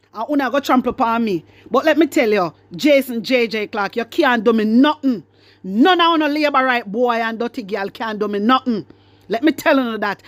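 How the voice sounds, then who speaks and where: A Jamaican woman delivers a fiery, defiant rant straight into her own camera. Her voice sits high, she repeats herself for emphasis, and she slides between patois and English. The sound is dry and close, with no room around it. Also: dry recording. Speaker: political vlogger.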